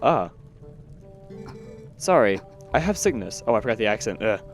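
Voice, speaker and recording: A man narrates his gameplay after the fact, rambling and self-deprecating with frequent fillers. His pitch moves up and down in a lively way. Faint game music plays beneath his voice. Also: moderate pace. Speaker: let's play commentator. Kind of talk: post-recorded gameplay commentary.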